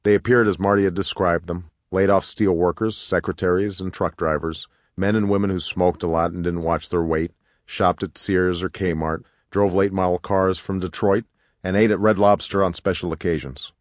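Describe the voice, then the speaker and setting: Deep, measured male audiobook narrator. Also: fairly even intonation, no room sound, studio quality.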